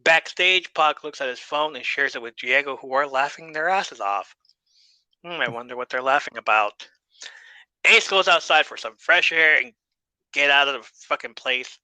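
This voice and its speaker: Male podcast host, laid-back recap style, bright sharp tone, dry close sound. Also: a little high, moderate pace, smooth, no room sound, rough recording. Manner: laid-back, swears casually, laughs often. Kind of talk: casual episode recap.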